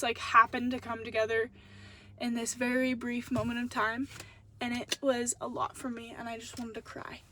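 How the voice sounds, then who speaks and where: A woman's voice: fairly high pitch, a little hiss or hum. A young woman telling a story to her phone in a casual, chatty vlog, acting out the dialogue. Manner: chatty, animated, acts out dialogue. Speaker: vlogger.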